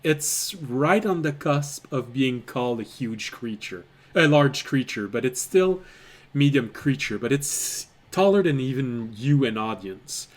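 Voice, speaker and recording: A man narrating a tabletop fantasy game as game master, describing scenes deliberately. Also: medium pitch, lively intonation. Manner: descriptive, deliberate, occasional trailing restarts.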